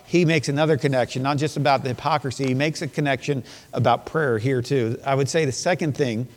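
Male pastor, slightly high voice, sermon delivery with emphatic repetition, long church reverb. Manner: preaching with rising emphatic bursts and repetition. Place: church sanctuary.

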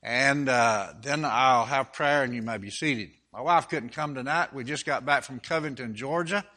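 A man's voice: mid-range voice, moderate pace, pushed and bright. An older man with a Southern accent from Alabama, a guest preacher telling folksy jokes and reading Scripture in a sermon. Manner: folksy humorous storytelling, then reading Scripture with rising force.

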